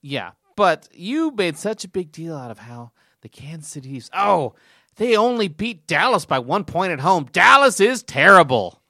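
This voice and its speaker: A man's voice: a little high, sing-song, moderate pace, fairly bright tone, no room sound, studio quality. A man co-hosting a casual sports talk show, teasing and needling his co-host about football.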